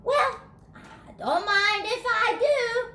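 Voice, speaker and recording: A woman's voice: very high voice, slow, pushed and bright, pitched above the performer's own voice, heavily acted. A woman voicing a playful, mischievous young male dog in a storybook read-aloud, talking in a cheeky, eager way. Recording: echoey room.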